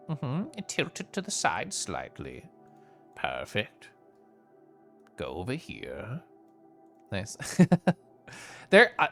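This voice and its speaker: This man's voice is fairly low in pitch but fairly bright in tone. Streaming a game from home, he banters playfully with viewers, sappy and giggly, dropping into silly little voices.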